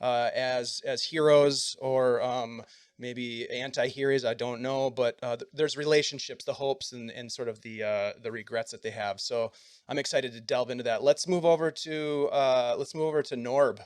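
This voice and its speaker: Clear-voiced game master, dry sound. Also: male voice, medium pitch, fairly even intonation, moderate pace, dry recording. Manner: warm-up patter, hesitant fillers. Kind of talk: hosting a tabletop game.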